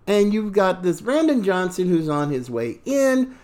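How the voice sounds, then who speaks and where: Brief: political podcast host, sarcastic and mocking, slow and highly animated in pitch. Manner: sarcastic, mocking, laughs between remarks. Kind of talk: opinion commentary podcast.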